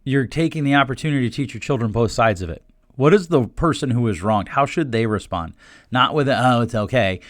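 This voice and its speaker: A man's voice: medium pitch, expressive, fairly quick, no room sound, studio quality. A man in his forties hosting a solo podcast, talking bluntly and animatedly, quoting people in put-on voices. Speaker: podcast host.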